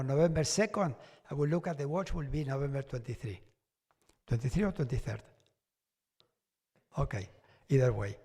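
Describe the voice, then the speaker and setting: Guy telling a lively story to a crowd, a bit high, lots of hall reverb. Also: creaky, breathy edge. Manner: animated storytelling with chuckles and acted-out quotes. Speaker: devotee giving a testimony. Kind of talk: personal storytelling talk to an audience. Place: large devotional hall.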